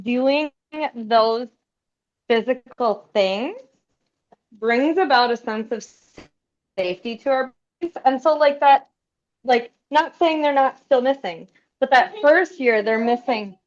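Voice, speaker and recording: A woman's voice: high-pitched, slow, dull audio. A woman guest on a podcast, talking reflectively in casual conversation and searching for words.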